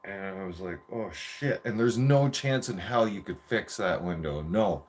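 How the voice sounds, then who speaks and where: Man in his forties, low voice, swearing, rambling story, animated. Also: normal speed. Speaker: vlogger telling a story. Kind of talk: casual storytelling rant.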